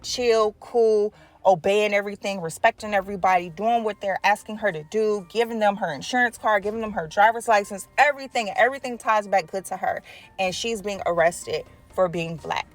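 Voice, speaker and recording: A woman telling a story in a casual storytime vlog, animated and profane, acting out the people she quotes. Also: medium pitch, fairly quick, faint music behind. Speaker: nail art vlogger telling a story.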